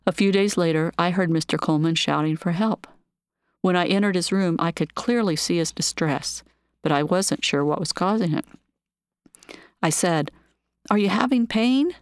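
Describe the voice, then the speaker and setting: A woman calmly reading her own memoir of work as a nurse, with measured, even storytelling. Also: fairly low pitch, clear, resonant tone, dry recording, studio quality.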